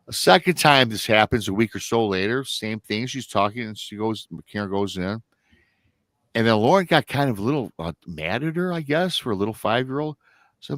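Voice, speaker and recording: A man's voice: fairly low pitch, lively intonation, normal speed, fairly bright tone, no echo. A middle-aged man from Michigan, a guest on a live stream, telling a family story in a rambling way and acting out what his relatives said. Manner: rambling, with restarts and acted-out quotes of family members.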